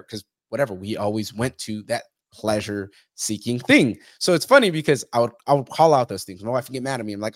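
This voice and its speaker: A man's voice: medium pitch, a little fast, hardly any pauses, no echo, studio quality. A young man talking bluntly as a podcast guest, swearing heavily and acting out other people's lines as he tells stories. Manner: animated storytelling, acts out others' lines. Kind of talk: casual interview talk.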